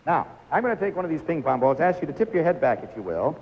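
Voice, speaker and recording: A man's voice: a little high, big pitch swings, quick pace, husky, highs cut off. A man hosting a live 1950s television game show, coaxing contestants through stunts with a jovial, laughing manner.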